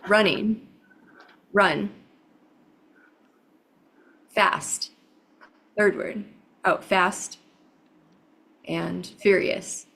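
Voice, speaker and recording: A woman calls out short, clipped guesses, drawn out at a very slow pace. Her voice is husky with a gravelly edge, coming through a video call. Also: mid-range voice, fairly even intonation, a bit bright. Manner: clipped one-word guesses. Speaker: comedian playing charades. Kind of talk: calling out guesses.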